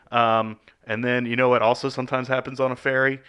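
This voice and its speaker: A man co-hosting a podcast, giving a rambling, deadpan comic recap in casual chat. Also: mid-range voice, brisk, smooth. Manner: rambling, deadpan jokey storytelling. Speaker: podcast co-host.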